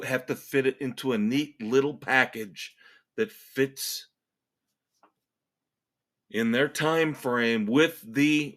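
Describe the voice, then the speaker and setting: A man hosts a solo rock podcast and rants about the networks. He speaks slowly and lets the words drag. His tone is sarcastic and exasperated, and he leans hard on every point. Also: medium pitch, a bit bright. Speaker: podcast host. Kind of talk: opinionated solo rant.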